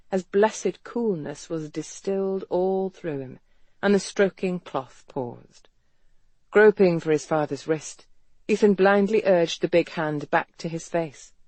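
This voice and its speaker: Audiobook narrator for period romance, animated pitch, dry studio sound. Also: no room sound. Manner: even storytelling read with lively pitch. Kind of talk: scripted romance novel narration.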